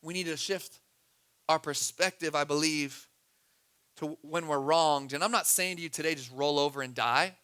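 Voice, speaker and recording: High-voiced man preaching a sermon. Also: moderate pace, clean tone. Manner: preaches with swings between soft low asides and loud urgent pushes. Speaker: pastor.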